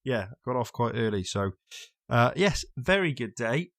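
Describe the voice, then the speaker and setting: Chatty man, mid-pitched. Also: very animated, measured pace, dry recording, studio quality. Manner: chatty, easily amused. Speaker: podcast co-host. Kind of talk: casual chat.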